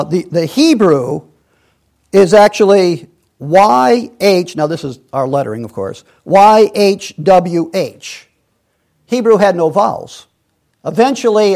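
A man's voice: on the high side, a little mellow. A man leading a Bible study, rambling and digressive, with many restarts and fillers. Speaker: Bible teacher.

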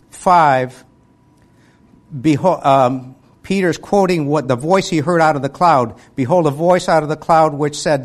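A man delivering a sermon in a slightly higher than average voice. He reads scripture passages aloud and then asks questions of the people listening. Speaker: preacher.

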